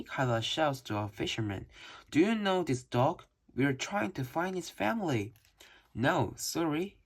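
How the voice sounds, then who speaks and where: A reader reading a children's book aloud slowly and carefully, with occasional slips. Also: medium pitch, slightly rough. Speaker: storybook reader.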